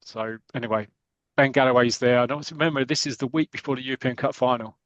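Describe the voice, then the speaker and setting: A man's voice: medium pitch, steady tone, fast, fairly bright tone, no room sound, dull audio. Guy on a podcast rambling through a comic plot, dry close sound, mid voice. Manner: rambling, many fillers and restarts, chatty. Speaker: podcast host. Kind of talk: casual retelling of a comic story.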